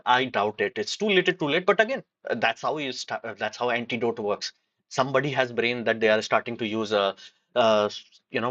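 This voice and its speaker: A man riffs on a casual livestream, opinionated and rambling, with frequent fillers and restarts. His voice is bright and forward, caught close and dry. The audio is slightly dull, like a home stream setup. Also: mid-range voice, no echo. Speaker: livestream host.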